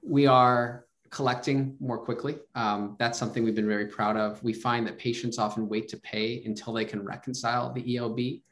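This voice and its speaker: A man presenting a webinar in a relaxed way, with many fillers. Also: mid-range voice, moderate pace, hardly any pauses.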